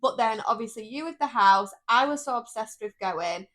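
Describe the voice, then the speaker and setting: A woman co-hosting a podcast in casual chat, an animated storyteller who laughs as she talks. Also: a little high, moderate pace. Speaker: podcast co-host.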